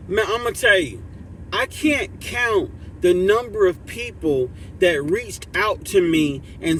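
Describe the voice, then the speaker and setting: A man hosting a motivational livestream, talking casually and emphatically to his community and reading chat messages aloud. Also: slight background noise. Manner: drops to soft low voice for heartfelt thanks.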